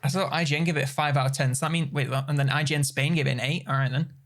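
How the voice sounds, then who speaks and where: A man with a slightly high-pitched voice co-hosts a gaming podcast. He talks casually and jokes a lot. He laughs and swears as he goes. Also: steady tone, rapid-fire, fairly bright tone. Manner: joking, swears freely, laughs often. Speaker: podcast co-host.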